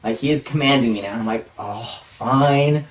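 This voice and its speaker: A man telling a self-mocking personal story in a casual, animated way, acting out the dialogue. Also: medium pitch, quick pace. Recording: roomy echo, distant mic.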